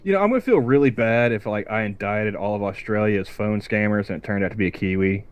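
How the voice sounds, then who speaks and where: A man's voice: on the low side, quick pace, highs cut off. A man on a casual podcast who rambles and stammers through restarts. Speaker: podcast co-host.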